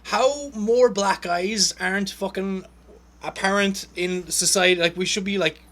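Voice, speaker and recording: A man with a bright, forceful voice pitched a little high, talking loosely and profanely as a podcast host. He tells stories in animated bursts, leaning hard on his words. The feel is a relaxed chat between friends. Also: unhurried. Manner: swearing, animated storyteller with laughs. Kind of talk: casual chat.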